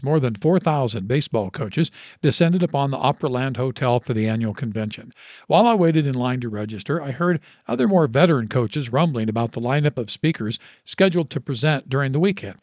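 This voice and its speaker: A man's voice: mid-range voice, darkish tone, dry recording. Man reading a story aloud. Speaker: radio host reading a story.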